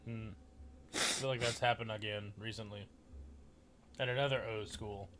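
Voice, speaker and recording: A man's voice: on the low side, fairly even intonation, moderate pace, a bit bright. A young man co-hosting a casual college football podcast, joking sarcastically and swearing freely. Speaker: podcast co-host. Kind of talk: casual chat.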